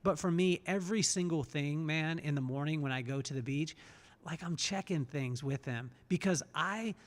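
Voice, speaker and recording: Pitched on the high side and moving at an ordinary speed, this man's voice trails off into a long reverb. He hosts a laid-back podcast chat, reflecting earnestly and circling back over words while he thinks.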